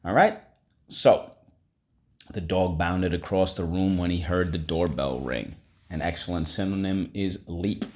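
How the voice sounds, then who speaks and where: Male teacher, deep voice, unhurried vocabulary drill with call-and-response prompts. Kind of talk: vocabulary lesson for children. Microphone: recorded video lesson.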